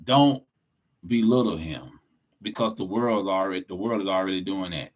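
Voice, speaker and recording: A man's voice: sits low, normal speed. Blunt, preachy podcast co-host man. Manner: blunt, preachy, profane, emphatic. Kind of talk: casual opinionated podcast talk.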